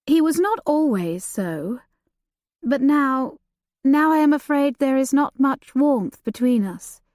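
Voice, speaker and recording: A woman voicing a timid young governess who speaks hesitantly and quietly. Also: sits high, expressive, slow, no echo, clean studio sound, voice pushed up.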